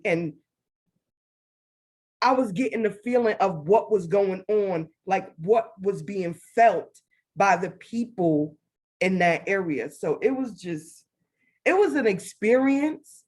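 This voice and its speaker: A woman telling a personal spiritual story as a guest, animated, acting out her own past words. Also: medium pitch, slow, husky. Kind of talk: casual faith testimony.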